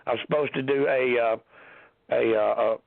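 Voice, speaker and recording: Hoarse man hosting a call-in show. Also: medium pitch, fairly even intonation, a little fast, no room sound. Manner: rambling, many ums and restarts. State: hoarse from a sinus infection. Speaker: podcast host. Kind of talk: casual call-in show chat. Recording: tinny phone-line audio.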